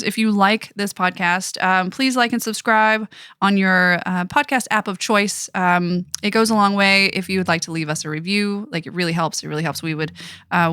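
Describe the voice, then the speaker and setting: A woman's voice: medium pitch, a bit bright, smooth, no echo, studio quality. A woman co-hosting a podcast in casual chat, upbeat and teasing, with lots of filler ums. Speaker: podcast co-host.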